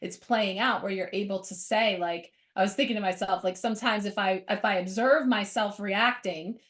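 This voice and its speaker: A woman's voice: mid-range voice, normal speed, fairly bright tone. A middle-aged woman co-hosting a casual spiritual chat, reflective and lifting her voice for quoted thoughts. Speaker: co-host.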